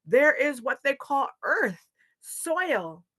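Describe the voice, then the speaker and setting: A woman's voice: sits high, big pitch swings, slow pace, fairly bright tone, pitched above the performer's own voice, exaggerated voice. A woman voicing a small male water creature telling others where to find earth. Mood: urgent. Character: little male water swimmer creature, excited.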